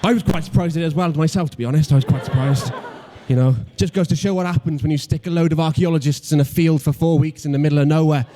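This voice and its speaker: This young Welsh comedian, in his twenties, has a slightly high voice with a dark tone. His stand-up leans on self-deprecation and mock logic, broken up by stammering restarts.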